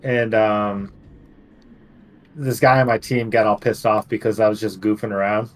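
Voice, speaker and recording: A man's voice: on the low side, level tone, moderate pace. Slangy, swearing man telling stories. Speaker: game player. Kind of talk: casual chat.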